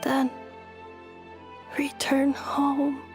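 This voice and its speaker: Eerie whispery game girl, super slow, flat. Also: high voice. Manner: halting and whispery. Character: mysterious faint young woman seeking someone. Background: game music.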